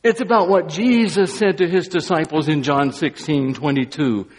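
Exuberant preacher in a reverberant hall. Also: male voice, on the high side, moderate pace, slightly rough. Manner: swings from quiet emphasis to exuberant exclamations, briefly sings. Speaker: pastor. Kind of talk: Easter sermon.

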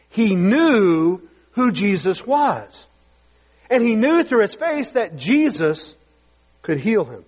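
Male pastor, husky and emphatic, preaching in a long-reverb hall. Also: sits high. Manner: emphatic preaching, reads scripture aloud. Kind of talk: sermon.

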